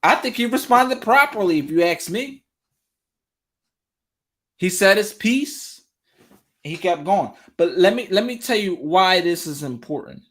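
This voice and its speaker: A man's voice: high voice, animated, unhurried, pauses often, a bit bright. A man hosting a relationship talk show, giving casual commentary straight to his viewers and repeating phrases for emphasis.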